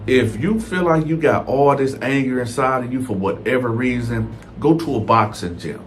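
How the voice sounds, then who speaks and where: Speaking at a moderate pace in a mid-range voice, this man spins a slangy, casual prison tale while a bit of background noise sits underneath. He chats right at his listeners, calling them y'all.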